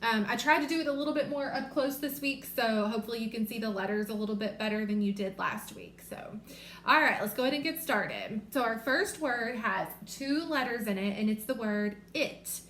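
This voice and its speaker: Teacher sounding out words for young kids. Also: female voice, a little high, a bit bright. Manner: slow, clearly sounding out letters and words. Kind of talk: remote reading lesson for young children. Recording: echoey room with faint noise.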